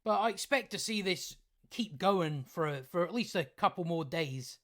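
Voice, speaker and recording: In this ranting video commentary, a man with a voice a touch higher than typical for men swears and mocks his subject sarcastically. His delivery is animated and fairly bright, and he laughs at his own lines while restarting in halting bursts.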